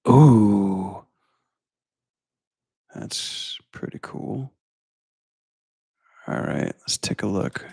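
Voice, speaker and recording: A young man hosting an animation breakdown, reacting to a trailer in casual, excitable commentary and swearing freely. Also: medium pitch, gravelly, no room sound, studio quality.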